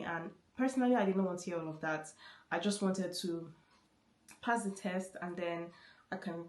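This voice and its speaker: Woman, vlogger, casual story-time chat, repeats words, slightly low pitch. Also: normal speed. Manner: chatty, many restarts and repeated words. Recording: roomy echo.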